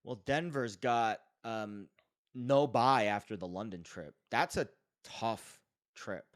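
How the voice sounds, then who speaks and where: A man's voice: lowish voice, slow. Emphatic man co-hosting a betting podcast. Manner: emphatic, opinionated analysis with fillers. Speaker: sports betting podcast co-host. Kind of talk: casual sports betting chat.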